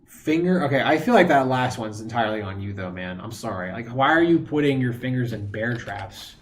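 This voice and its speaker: Male streamer at home, mid-pitched voice, loose and chatty with his viewers, faint room hum behind him. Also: animated, fairly quick, few pauses. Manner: rambling, talks to chat, laughs often. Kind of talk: casual live-stream chat.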